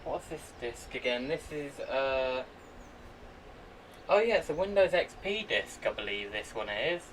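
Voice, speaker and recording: A man chatting to himself and his viewers in an excitable way while he works on a computer at home. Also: mid-range voice, a little slow. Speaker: vlogger. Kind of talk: casual running commentary while using a computer. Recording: voice a bit far from the mic, faint background noise.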